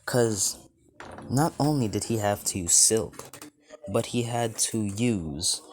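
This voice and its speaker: A man's voice: on the low side, takes it slowly, slight background noise. A man casually narrating an improvised fan story, rambling and adding off-the-cuff asides.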